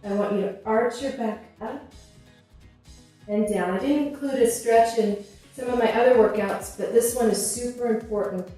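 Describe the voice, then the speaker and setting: A woman in her fifties, a fitness instructor, guides a core session while out of breath, encouraging at every step. She speaks at a normal speed in a slightly high, dark-toned voice. Music plays in the echoey room, and her clip-on mic sounds far off.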